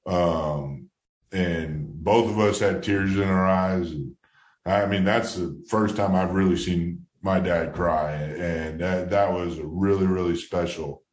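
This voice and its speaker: A former baseball player, appearing as a guest in a casual storytelling interview, speaks slowly in a deep voice from an echoey room. He rambles and restarts often, starting low-key before turning excited.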